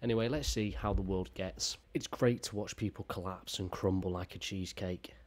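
A man's voice: deep voice, fairly even intonation, moderate pace, darkish tone. A man giving sarcastic, profane running commentary as he reacts to video clips.

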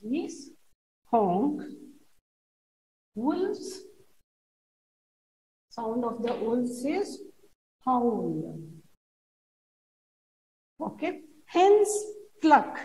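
A woman teaching a classroom lesson, reading a poem aloud and explaining each word slowly and repetitively to children. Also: fairly high pitch, big pitch swings, mellow. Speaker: schoolteacher. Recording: roomy echo.

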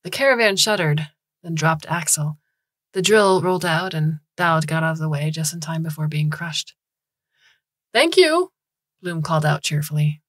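Low, husky woman narrating a story. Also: steady tone, normal speed, fairly bright tone, no echo. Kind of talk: scripted audiobook narration.

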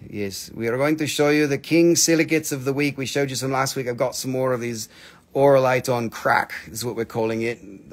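Playful, jokey man hosting a rock sale. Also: medium pitch. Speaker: host selling crystals on a live stream. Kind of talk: casual live sales stream.

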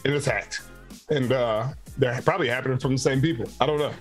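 A man's voice: medium pitch, quick pace, soft background music. A man in his thirties hosting a casual sports podcast, bantering with a playful, mock-exasperated manner. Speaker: podcast host.

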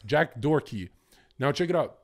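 A man chatting as a podcast guest, excitable and boastful, swearing freely and jumping between topics. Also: a little high, normal speed. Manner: profane and boastful. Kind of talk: casual podcast chat.

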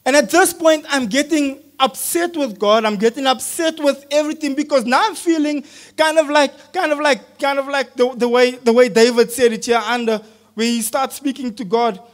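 A man preaching a sermon, telling a personal story with casual slang and swinging from hushed tones to shouting. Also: very high-pitched, normal speed.

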